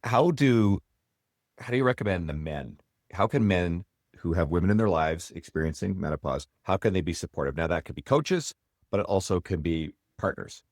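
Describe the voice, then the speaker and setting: Deep-voiced male podcast host. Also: moderate pace, darkish tone, no room sound, studio quality. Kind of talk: interview questions.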